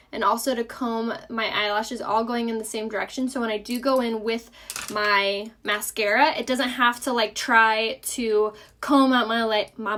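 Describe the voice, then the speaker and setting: During a casual live makeup tutorial, a young woman speaks in a bright, slightly high voice with a light Southern US accent. She's talkative and cheerful, frequently pausing to field viewer questions in an easygoing, friendly manner.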